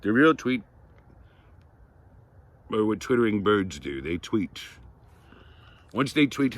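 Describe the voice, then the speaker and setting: A man reading a picture book aloud to children, playful and animated, chatting with them between pages. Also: fairly low pitch. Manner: playful, animated, talks to kids directly. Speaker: storytime reader.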